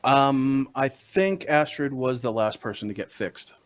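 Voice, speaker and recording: A man's voice: mid-range voice, animated, a little slow. A man narrating as game master of a tabletop game, rambling with many fillers.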